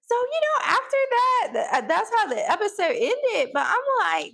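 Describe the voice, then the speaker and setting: Woman, casual review chat, high pitch, gravelly fry, animated, jumps up in pitch for quotes. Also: moderate pace. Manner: animated, big pitch jumps when quoting characters; talks straight to her pets between points. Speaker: TV episode reviewer.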